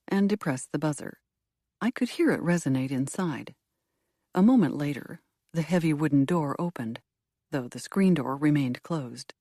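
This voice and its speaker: Low-voiced expressive woman narrator. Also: no echo, studio quality. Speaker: audiobook narrator. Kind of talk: first-person audiobook narration.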